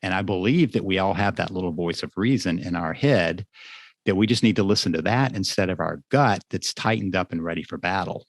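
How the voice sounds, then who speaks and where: Low-voiced man explaining calmly. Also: dry recording. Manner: measured, explanatory, gives examples from counseling sessions. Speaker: marriage therapist guest. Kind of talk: podcast interview.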